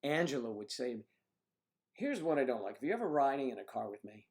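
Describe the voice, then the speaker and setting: An older man with a gravelly, mid-range voice hosts a casual livestream from home. He wanders through anecdotes, restarting sentences and clearing his throat as he goes. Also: mid-range voice, big pitch swings, quick pace, darkish tone. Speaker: livestream host. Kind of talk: casual chat reading viewer comments.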